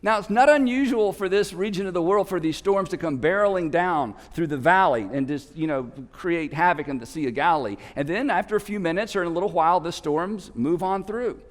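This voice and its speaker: An animated male pastor preaching to a church, his voice high for a man. He swings from quiet asides to shouted lines as he tells the story. A long reverb of a big hall rings behind him. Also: fairly quick, few pauses. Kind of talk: sermon. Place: church auditorium.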